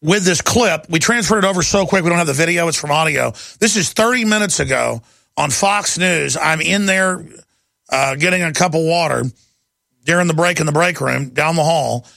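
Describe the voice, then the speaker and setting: A man's voice: on the high side, moderate pace, gravelly, pushed and bright, no room sound. A middle-aged man hosting a talk radio show, ranting fervently in a rising, impassioned monologue.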